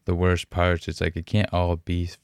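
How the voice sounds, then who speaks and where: A young man from Canada hosting a podcast, talking candidly and emotionally in halting, profane speech full of fillers and restarts, with frequent sighs. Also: low voice, completely flat delivery, smooth, no echo, clean studio sound. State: emotional, sighing. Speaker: podcast host.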